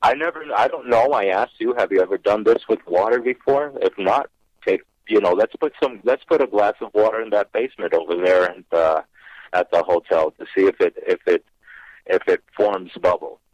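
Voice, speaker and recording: Speaking at a moderate pace in a lowish voice, with no room sound, a man tells a paranormal radio show about his own ghost experience, dramatizing what he said at the time. The call comes through a dull, dry phone line.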